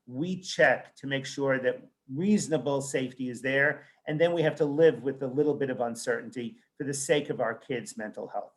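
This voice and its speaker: A male child psychiatrist and author in a conversational interview, telling stories animatedly, acting out quoted dialogue and often restarting his sentences. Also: medium pitch. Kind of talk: conversational interview, anecdotal storytelling.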